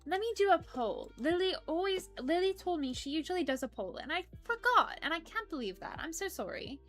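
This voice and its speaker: A woman's voice: extremely high pitch, very animated, fairly quick, fairly bright tone, soft background music, full character voice. A woman voicing a prim, polite persona who reads live-stream chat aloud and apologizes often. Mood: prim chatty. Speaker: stream co-host reading chat.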